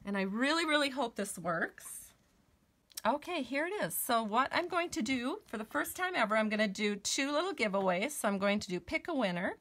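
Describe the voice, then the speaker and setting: A woman's voice: on the high side, animated, moderate pace, a bit bright, slight background noise. A woman hosting a live stamping and card-making demonstration at her crafting table. She talks in a chatty way and gushes over her work.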